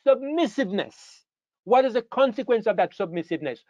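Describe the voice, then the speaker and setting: A man's voice: very high voice, animated, brisk, a little mellow, dry recording. A man preaching a sermon, emphatic and repetitive, asking questions and answering them himself. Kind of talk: sermon lecture. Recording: dull lo-fi sound, dry.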